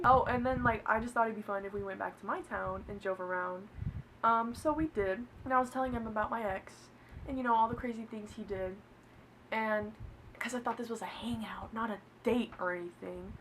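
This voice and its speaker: A woman's voice: a little high, fairly quick, narrow, tinny audio, faint music behind. A young woman telling a personal story in a casual, chatty way, swearing and laughing along.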